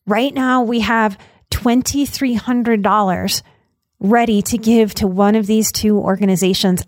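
A woman's voice: on the high side, no room sound. Earnest woman host, dry close sound. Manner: earnest, emotional, choked up at times. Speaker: podcast host. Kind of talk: heartfelt announcement to listeners. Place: Denver.

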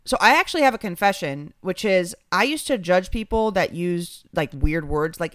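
A young woman co-hosting a podcast in casual chat. She talks in an animated, chatty way and fills her speech with many fillers. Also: on the low side, moderate pace, hardly any pauses, dry recording, clean studio sound.

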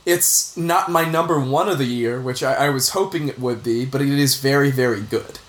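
A man's voice: medium pitch, moderate pace. A man, a returning guest on a film review podcast, talking in an easygoing way with many fillers and repeated words. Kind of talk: casual film review chat. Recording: roomy echo.

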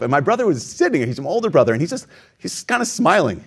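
A male priest delivering a homily in an ordinary mid-pitched voice. He tells personal stories, jumps into lively quoted voices, and pokes fun at himself. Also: quick pace. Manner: storytelling, animated quoted voices, self-deprecating.

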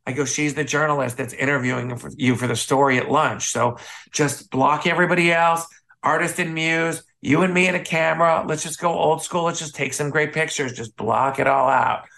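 Man from the midwest, gravelly, bright, fairly high voice, lively anecdote teller, casual interview guest. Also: moderate pace. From Midwest United States. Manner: animated anecdote teller, acts out quoted voices. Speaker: guest, photographer and author.

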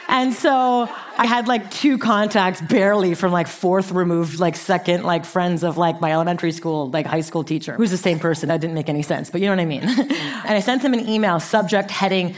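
Animated woman telling business stories. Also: medium pitch, moderate pace. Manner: animated storytelling, acting out quotes, laughing. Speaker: speaker. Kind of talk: motivational talk.

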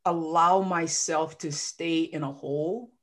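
A low-voiced woman talks at a measured pace. She's a life coach being interviewed casually on a podcast, and she tells her story emotionally and animatedly, performing the quotes of people she mentions.

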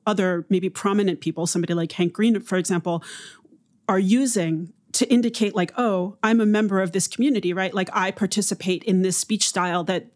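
A woman who teaches linguistics, a podcast guest, explaining in a measured way. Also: mid-range voice, darkish tone. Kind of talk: podcast interview.

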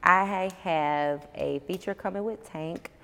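A Georgia woman, an artist chatting bluntly and profanely in an interview, telling animated stories. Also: on the low side, a little slow, creaky, in a large hall. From Georgia, USA. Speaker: musician guest. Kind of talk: casual interview chat. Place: on a porch outdoors.

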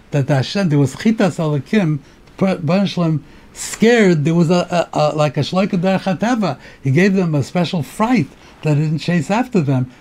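A man's voice: a little high, darkish tone. A rabbi giving a Torah lecture, mixing Hebrew terms into English and often repeating words as he thinks.

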